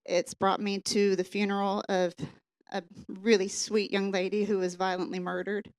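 A woman's voice: mid-range voice, flat delivery, moderate pace, clean tone, poor audio. Woman giving an earnest testimony. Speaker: congregation member giving testimony. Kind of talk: personal testimony.

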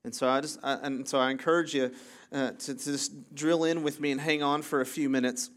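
A pastor with a mid-range, fairly bright voice speaks a little fast, with little pitch movement. His sermon is casual and talkative, peppered with jokes and self-interruptions, and he checks in with the congregation by asking "right?" again and again.

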